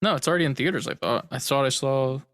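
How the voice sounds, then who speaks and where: A man's voice: mid-range voice, fast talker, a bit bright, dry recording. A man co-hosting a gaming podcast in a casual, jokey chat and swearing freely. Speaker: podcast co-host.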